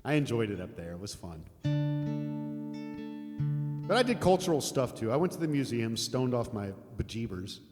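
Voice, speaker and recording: A man's voice: mid-range voice, very animated, moderate pace, pauses often. An older American man chatting casually with viewers on a live music stream, rambling and laughing, with some swearing. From United States. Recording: long reverb, guitar music behind.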